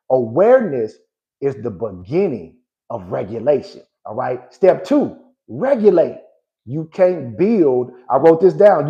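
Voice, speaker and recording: A man in his forties hosts a motivational live talk as a life coach, with a slightly raised pitch that climbs and dips freely. His tone is warm and mellow rather than bright. He preaches with emphasis and keeps checking that his listeners are with him. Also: highs cut off. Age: 40s. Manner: emphatic and preachy, tags lines with "right?" and "good people".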